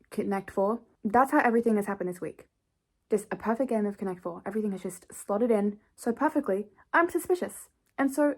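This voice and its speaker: A young woman talks through her night routine at home, chatty and playful. She pokes fun at herself, and her pitch sits in an ordinary middle range. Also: a little mellow. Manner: chatty, playful, self-mocking. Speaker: vlogger. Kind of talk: casual vlog narration. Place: bedroom at home.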